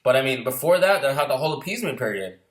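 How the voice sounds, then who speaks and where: A man's voice: mid-range voice, lively intonation, very fast. A man on a heated, profane casual rant, firing off rhetorical questions. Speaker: filmmaker sharing opinions. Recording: roomy echo.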